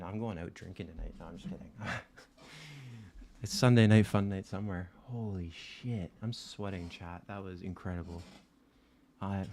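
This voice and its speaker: A man hosting a live stream, chatting casually and excitedly with his viewers and swearing freely. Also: low voice, slight background noise. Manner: excitable, swearing, talking straight to chat.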